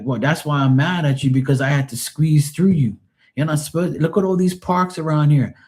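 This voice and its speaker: A man's voice: on the high side, darkish tone. A man in his forties chatting casually on a live stream, rambling through profane stories.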